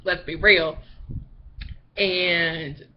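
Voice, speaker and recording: A woman's voice: fairly low pitch, fairly even intonation, very slow, slight background noise. A young woman from Baltimore chatting casually to her webcam, rambling with lots of "like"s and laughs. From Baltimore, Maryland. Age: young adult. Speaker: vlogger. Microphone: built-in webcam mic. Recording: dull lo-fi webcam audio.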